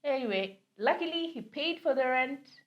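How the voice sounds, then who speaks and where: A woman's voice: sits high, expressive, normal speed, dull audio. A young Kenyan woman, a podcast co-host, telling a story in casual chat, mixing English with Swahili slang.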